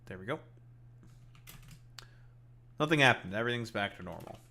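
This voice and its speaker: A man's voice: fairly low pitch, animated, normal speed, vocal fry, bright, forceful tone. A man from Canada with a Canadian accent, streaming and chatting casually while he plays, rambling and swearing offhandedly. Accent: Canadian English. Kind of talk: casual chat while playing a game.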